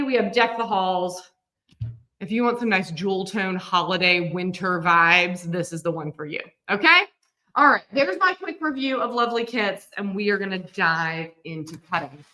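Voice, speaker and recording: A woman's voice: mid-range voice, pushed and bright. A woman, hosting a live-streamed quilting lesson in a chatty, upbeat way and walking viewers through each step. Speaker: quilting teacher and host.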